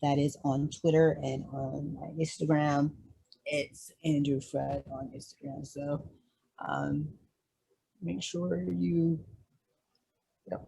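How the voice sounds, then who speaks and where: Young guy guesting on a podcast, easygoing, talks slow and relaxed. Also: fairly high pitch, vocal fry, husky, rough recording. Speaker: guest, fellow podcast host. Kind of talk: casual interview chat.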